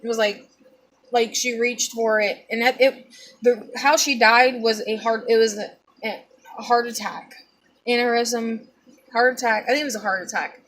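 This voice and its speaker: A young woman telling a painful personal story to her viewers, tearful, halting and repeating herself. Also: on the high side, fairly even intonation, fairly bright tone. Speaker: vlogger.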